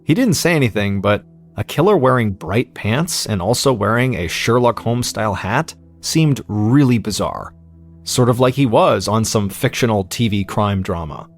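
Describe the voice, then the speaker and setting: An American man in his thirties calmly narrating a true-crime story as podcast host, in a measured way. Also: fairly low pitch, soft background music.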